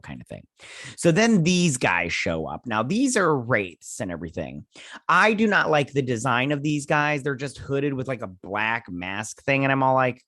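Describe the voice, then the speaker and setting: In a clean, echo-free studio recording, a man in his thirties talks at a moderate pace in an expressive, mid-range voice with a fairly bright tone. He gives a rambling, casual review of a TV episode, paraphrasing scenes and using lots of fillers while yawning and seeming sleepy.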